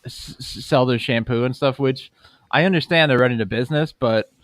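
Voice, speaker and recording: A male podcast co-host chimes in with quick jokes and short stories in casual chat. The recording is dry and close. His voice sits at a middling pitch. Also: dry recording.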